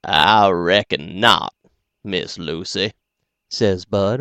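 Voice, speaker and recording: Slow, low-voiced male audiobook reader. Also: no echo. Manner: dry, self-deprecating, with filler pauses. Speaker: podcast host and audiobook reader. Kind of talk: casual audiobook narration.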